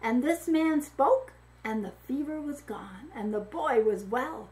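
A woman voicing a gentle, kindly old grandmother in a read-aloud story. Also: high-pitched, lively intonation, measured pace, rough recording. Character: kindly old grandmother who tends the sick.

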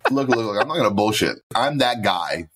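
A man with a very low, husky voice chats casually on a podcast. He tells his stories with animation and plays out both sides of the conversation. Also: fairly quick. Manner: animated storytelling, acting out quotes. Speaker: podcast co-host. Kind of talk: casual chat.

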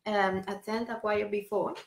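A woman singing teacher gently guiding a vocal warm-up, step by step, with breathing cues and sung vowels. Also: medium pitch, steady tone, normal speed, reverberant. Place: home room on a live stream.

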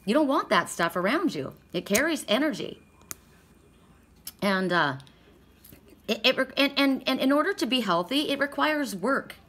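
A woman's voice: high-pitched, very animated, moderate pace, pauses often, fairly bright tone. Rambling woman reading oracle cards. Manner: rambling, emphatic, many restarts. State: sore throat. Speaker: oracle card reader. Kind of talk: casual spiritual card-reading chat.

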